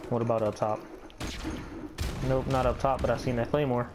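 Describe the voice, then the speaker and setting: A man's voice: medium pitch, flat delivery, normal speed, background noise. A man giving casual, profane gameplay commentary, muttering to himself and running himself down as he plays. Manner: muttering, profane, self-critical. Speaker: gamer and channel host. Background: background music.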